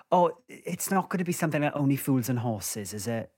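A man's voice: medium pitch, very animated, moderate pace, a little mellow, breathy edge. Chatty man thinking aloud on a quiz. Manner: chatty, thinks aloud with fillers and playful asides. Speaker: celebrity quiz guest. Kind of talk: casual quiz chat.

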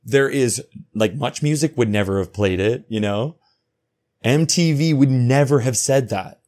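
A man in his thirties from North America hosting a solo podcast, talking casually, profanely and excitedly, jumping from loud bursts to quiet asides. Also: mid-range voice, a little slow. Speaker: podcast host.

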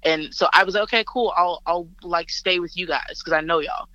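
A woman from Alabama, a rapper and guest, telling a story over a phone call in a lively, chatty way, laughing often and using lots of filler words. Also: fairly low pitch, fairly quick, no room sound.

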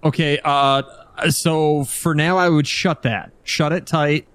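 A man's voice: on the high side, fairly even intonation, slow, fairly bright tone, smooth, no room sound. A man playing a tabletop game, talking casually and swearing freely. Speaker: player. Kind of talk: casual tabletop role-play.

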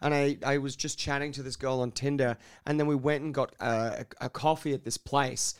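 Young man telling a story, smooth voice. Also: mid-range voice, a little fast. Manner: animated storyteller, swears, acts out quotes. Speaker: podcast co-host. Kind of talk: casual storytelling.

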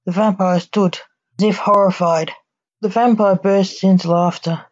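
A woman's voice: mid-range voice, steady tone, a little slow, no echo. Woman host reading her own spooky stories. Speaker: podcast host, poet and author. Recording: dull lo-fi dry recording.

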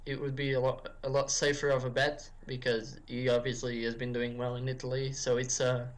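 A man's voice: medium pitch, completely flat delivery, brisk. A man on a football podcast as a guest, talking in a rambling, chatty way with frequent restarts. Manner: rambling, many restarts and fillers like "if you will". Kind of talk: casual football chat.

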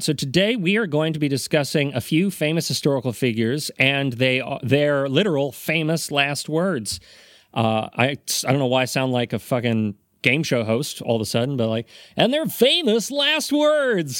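A man's voice: medium pitch, normal speed, no echo, studio quality. A man hosting a casual comedy podcast, explaining his topic with rambling, self-aware asides and a wry tone. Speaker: podcast host presenting the topic.

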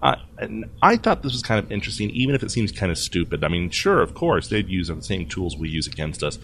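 A man hosting a casual tech news podcast, jokey and quick to laugh as he runs through the stories. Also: deep voice, a little hiss or hum. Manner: jokey, animated, laughs often. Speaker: podcast host.

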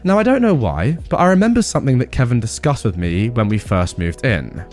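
A man's voice: mid-range voice, sing-song, brisk, a little mellow, faint music behind. A man narrating a personal story with sarcastic, comic asides.

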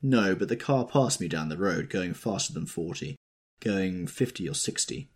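Man voicing a calm bystander, matter-of-fact, deep husky voice, audiobook. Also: moderate pace, full character voice. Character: calm, well-dressed male bystander. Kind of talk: audiobook character reading.

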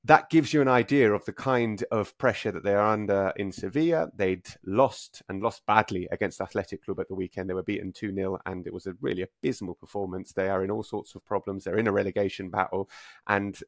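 A football podcast co-host with a lowish male voice, recorded dry and close. He tells stories with energy, circling back with "uh" and restarts as he goes. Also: brisk, dry recording. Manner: lively storytelling, frequent "uh" and restarts. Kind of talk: casual football podcast chat.

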